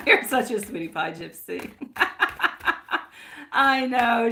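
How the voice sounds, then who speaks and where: A woman's voice: a little high, lively intonation, extremely slow, vocal fry, pauses often, fairly bright tone, a little hiss or hum. A woman reading tarot on a live stream in casual chat, affectionate and laughing often, calling viewers my love and sweetie pie.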